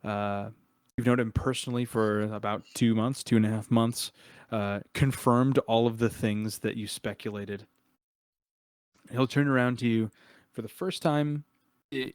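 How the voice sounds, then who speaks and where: Man, game master, tabletop game narration, low smooth voice, dry close sound, relaxed fillers. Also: measured pace, dry recording. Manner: relaxed, chuckling, frequent filler words.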